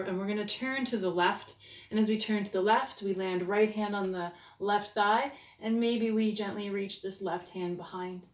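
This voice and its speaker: A woman leads a short yoga class in a soft, soothing voice, pacing her cues slowly. Her voice sits at an everyday middle pitch. It comes from a little distance, with the echo of a bare room around it. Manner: gentle, soothing cues, slowing down. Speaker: yoga instructor. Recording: echoey room, distant mic.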